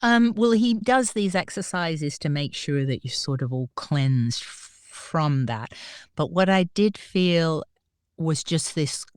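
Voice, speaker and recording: A woman guest on a podcast, telling a personal story in an animated way and acting out the voices of the people in it. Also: sits low, slow pace, clear, resonant tone, dry recording, studio quality. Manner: animated, acts out quoted voices. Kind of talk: storytelling in an interview.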